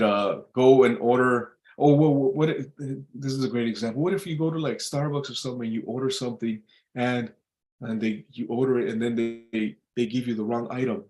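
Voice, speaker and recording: A man's voice: medium pitch, fairly even intonation, fairly quick, darkish tone, reverberant. A man giving casual motivational advice, blunt and profane, often repeating himself and restarting his sentences. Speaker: vlogger giving life advice.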